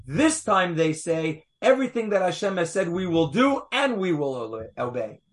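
A man's voice: high-pitched, sing-song, moderate pace. A man teaching Torah to a small group, reading verses aloud and pressing his listeners with rhetorical questions. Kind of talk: animated text study with a small group.

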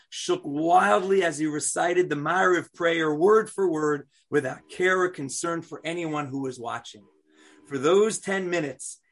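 A man teaching a Torah class, asking his students questions and telling a story in an animated way. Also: a little high, breathy edge.

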